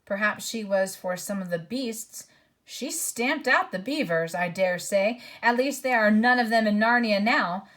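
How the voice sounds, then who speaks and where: A woman's voice: lively intonation, unhurried, fairly bright tone. Nikkabrick, woman voicing a bitter grumbling dwarf. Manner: low, cold and grumbling. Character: bitter, defiant male dwarf.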